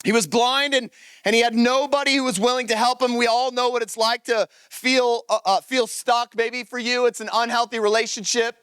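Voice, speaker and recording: A pastor preaching a lively sermon to his congregation, reading scripture aloud and acting out the story. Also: extremely high pitch, moderate pace, clear, resonant tone, no echo. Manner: animated, energetic preaching to a congregation. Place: church service.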